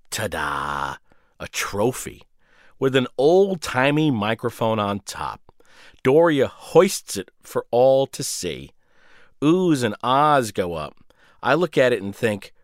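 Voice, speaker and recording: Sardonic, deep-voiced man reading a story. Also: no room sound, studio quality. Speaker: radio host. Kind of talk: reading his own short story.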